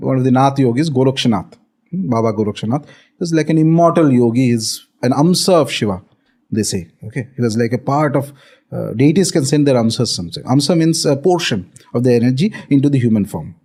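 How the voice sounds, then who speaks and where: A man's voice: medium pitch, expressive, brisk, a little mellow, breathy edge. A man with an Indian accent, a spiritual teacher explaining and telling a story in a conversation, often checking in with "okay".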